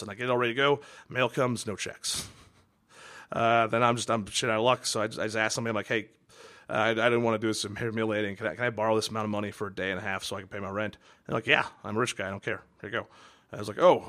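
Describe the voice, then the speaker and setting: A man's voice: mid-range voice, fairly bright tone. A man hosting a podcast, ranting in a rambling, exasperated way with lots of restarts. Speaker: podcast host. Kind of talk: casual monologue.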